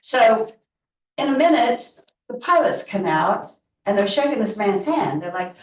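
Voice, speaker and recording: A middle-aged woman who works as a real estate agent tells a rambling, restart-filled story at a team meeting. Her mid-range voice has lively intonation and an unhurried pace, recorded on a distant mic in a roomy space.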